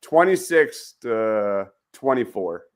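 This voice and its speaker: A man's voice: medium pitch, animated, slow pace. A man hosting a casual sports podcast, hesitant at first and then emphatic in his opinions. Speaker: podcast host.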